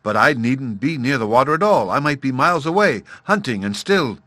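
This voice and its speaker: A man voicing an excitable little cave girl in a storybook reading, eager and bubbly. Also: mid-range voice, a little fast, no echo, pitched above the performer's own voice. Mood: excited.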